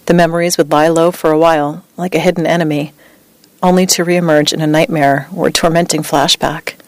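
A woman reading a true story as scripted narration, with a measured, even delivery. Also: sits low, no room sound.

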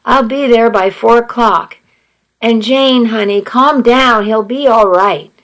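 Anxious, shaken husband in a storybook, read by a woman; slow, earnest delivery. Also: a little high, fairly bright tone. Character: worried husband and father, shaken.

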